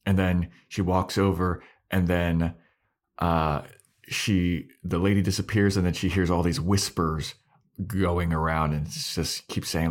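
Low-voiced man recapping an episode. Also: flat delivery, moderate pace. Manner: retells scenes with acted-out quotes and swearing. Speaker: podcast co-host. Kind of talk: casual recap chat.

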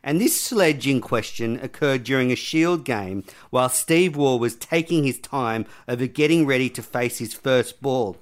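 A man's voice: medium pitch, normal speed, hardly any pauses. A man, hosting a podcast and reading quiz questions aloud in a jokey, casual way. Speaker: podcast host.

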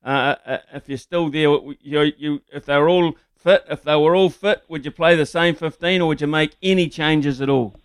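A jovial New man hosts talkback radio, chatting easily and matily with his callers. His voice is smooth and a little higher than most men's, and it sounds dry and close. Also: fairly even intonation, moderate pace, hardly any pauses, no echo. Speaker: radio host.

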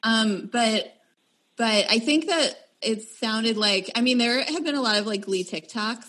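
A woman's voice: on the high side, a little slow, fairly bright tone. A woman co-hosting a podcast who thinks aloud in casual chat, with many likes and restarts. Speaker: podcast co-host.

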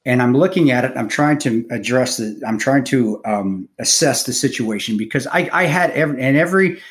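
A middle-aged man on a podcast telling a personal story in a casual, halting, profane way, with many restarts. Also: medium pitch, animated. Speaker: podcast co-host, former contractor.

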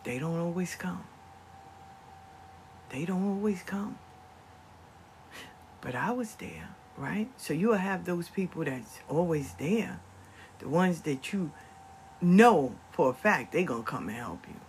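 An older grandparent telling a family story to viewers in an animated, conversational vlog monologue. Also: mid-range voice, slow, long pauses, a little hiss or hum. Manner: animated, acts out family members' voices. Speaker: vlogger.

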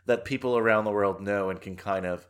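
A man's voice: on the low side, brisk, clear, resonant tone. Chatty American man hosting a film podcast. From United States. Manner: chatty and enthusiastic, laughs often. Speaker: podcast host. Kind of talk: casual film podcast chat.

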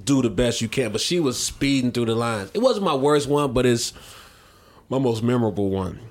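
Lively joking male podcast host. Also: mid-range voice, normal speed. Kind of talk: casual chat.

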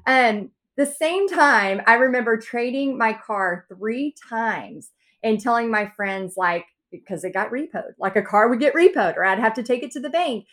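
A woman's voice: on the high side, lively intonation, moderate pace, a bit bright. A woman guest telling her own story in a podcast interview, acting out quotes with big swings in her voice.

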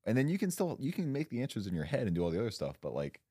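A man's voice: mid-range voice, huge pitch swings, rapid-fire, warm tone, slightly rough, no room sound, studio quality. A young man co-hosting a podcast, talking in casual chat with a blunt, emphatic manner and frequent swearing. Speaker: podcast co-host.

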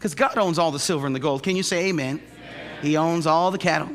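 A male pastor preaching a lively, joking sermon in a church, often acting out the people he describes. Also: on the high side, fast. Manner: animated, jokey, acts out quoted voices. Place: church sanctuary. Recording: long church hall reverb.

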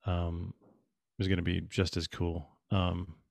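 Low gravelly guy in his thirties, animated storyteller, dry close sound. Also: slow, no echo. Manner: animated storytelling with acted-out quotes. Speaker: guest. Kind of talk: casual conversation.

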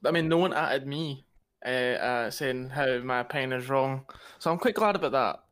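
A man's voice: medium pitch, normal speed, a bit bright, no echo. A young Scottish man from Glasgow, co-hosting a podcast in casual chat, hesitant and repeating himself, laughing often. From Glasgow, Scotland. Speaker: podcast co-host.

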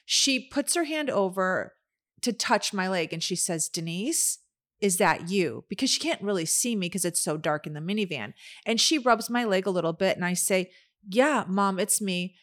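A middle-aged woman in relaxed podcast conversation, her voice sitting at a middle pitch. She tells family stories with energy and slips into the voices of the people she quotes. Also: normal speed. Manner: animated storyteller, acts out quoted dialogue. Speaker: podcast co-host. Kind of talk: casual storytelling chat.

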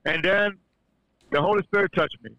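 A man's voice: high voice, normal speed, sharp tone, no echo, muffled recording. A man sharing a religious testimony in casual talk. He stumbles and restarts often, then builds to fervent emphasis. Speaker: podcast guest sharing testimony. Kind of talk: casual church-style testimony.

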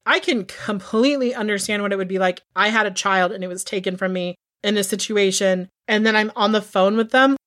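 A woman in her thirties co-hosting a podcast, recapping in casual chat and swearing freely as she gets animated. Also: mid-range voice, brisk, hardly any pauses, no echo, clean studio sound. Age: 30s. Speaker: podcast co-host.

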